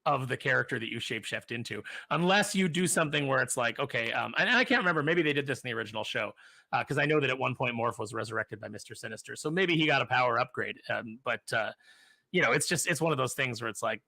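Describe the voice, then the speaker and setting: A man's voice: medium pitch, lively intonation, fast, creaky, sharp tone, no echo. A man co-hosting a geek podcast in casual chat, talking eagerly with lots of fillers. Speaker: podcast co-host.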